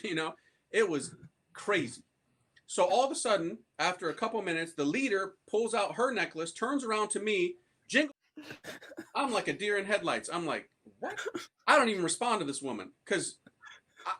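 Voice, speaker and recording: With a slight hiss or hum underneath, a man whose voice sits high and sounds fairly bright relates his conversion as a priest. It's animated storytelling in a street-style, slangy way, full of impersonated voices and frequent laughs.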